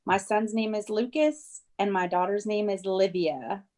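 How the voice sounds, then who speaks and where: A woman's voice: medium pitch, a little slow, darkish tone. A middle-aged woman with a mid-range voice talks in a chatty, giggly way. She is calling in over video from her home kitchen. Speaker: caller. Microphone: video call.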